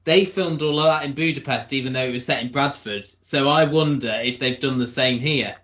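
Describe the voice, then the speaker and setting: A man's voice: medium pitch, a little fast, fairly bright tone, highs cut off. A man hosting a TV review podcast, chatting casually with chuckling asides. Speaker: podcast host. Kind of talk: casual chat. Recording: roomy echo.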